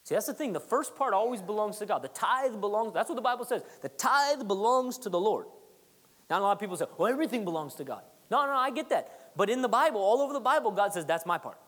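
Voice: mid-range voice, animated, fast talker, fairly bright tone. A pastor preaching a sermon in a conversational way, hammering points through repetition and teasing the congregation. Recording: long reverb of a large hall.

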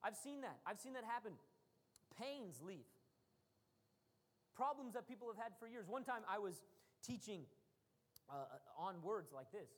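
A woman's voice: mid-range voice, a little slow, pauses often. Female preacher, storytelling sermon delivery that swings to emphatic peaks, long hall reverb. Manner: animated storytelling, rising to emphatic bursts.

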